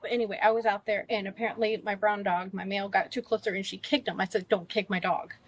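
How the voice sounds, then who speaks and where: A woman's voice: mid-range voice, flat delivery, fast, no echo. A woman indignantly retelling a fight to a police officer, recorded outdoors on a body camera. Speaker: witness in a police call. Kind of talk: rapid recounting of a fight. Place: outdoors at a residence.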